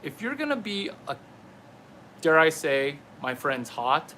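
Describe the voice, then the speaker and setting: A man's voice: on the high side, sing-song, measured pace, bright, forceful tone, a little hiss or hum. A man delivering a rambling, playful comedy monologue to camera, riffing through absurd tangents while palming a basketball. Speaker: comedian vlogger.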